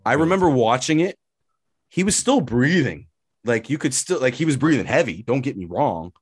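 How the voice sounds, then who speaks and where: Animated, swearing man ranting about fights. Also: medium pitch, moderate pace, breathy edge, no echo, studio quality. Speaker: podcast co-host. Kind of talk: casual sports chat.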